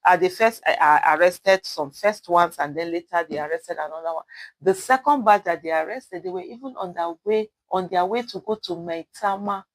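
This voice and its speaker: A woman's voice: fairly low pitch, moderate pace, no echo, poor audio. A Nigerian woman from Edo State with an Edo accent, hosting casual spoken commentary, rambling with many fillers and self-corrections, earnestly urging her listeners. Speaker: commentary host.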